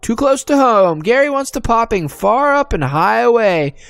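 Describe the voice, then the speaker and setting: A man voicing an excitable little male goblin who stammers and mangles his grammar in a high, squeaky voice. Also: moderate pace, gravelly, smooth, no room sound, full character voice.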